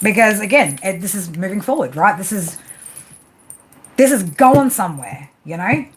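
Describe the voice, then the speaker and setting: A woman's voice: mid-range voice, very animated, moderate pace, slight background noise, rough recording. A woman giving a live tarot reading, talking casually and bluntly, repeating herself and tagging "right?" onto her points. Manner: casual, repetitive, tag questions; affectionate, blunt, swears. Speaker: tarot reader.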